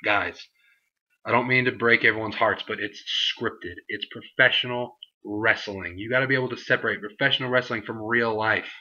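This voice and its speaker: A man's voice: fairly low pitch, fairly even intonation, a little fast, few pauses, bright, forceful tone, highs cut off. A young man reviewing a wrestling show in a casual vlog, rambling with many fillers and mocking put-on voices for the people he quotes.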